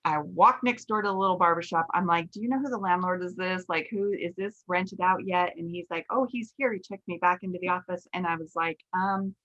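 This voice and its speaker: Low-voiced woman host telling a candid story. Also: a little fast, hardly any pauses, lo-fi sound. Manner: candid, animated retelling with quoted self-talk. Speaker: podcast host, nail instructor. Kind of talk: casual storytelling chat.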